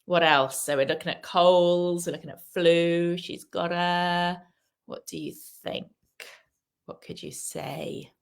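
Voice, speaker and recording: Speaking slowly in a lowish, creaky voice with a clean tone and fairly even intonation, a woman runs an English lesson on a live stream. She asks the audience questions, reads out and praises their comments, and models careful pronunciation.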